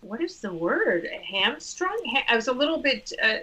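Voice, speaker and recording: A woman appearing as a guest on a comedy podcast, excitable and quick to laugh, tripping over her own sentences. Her voice is bright and sharp, pitched a little high. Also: poor audio. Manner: excitable, laughing, self-interrupting. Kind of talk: casual comedic chat.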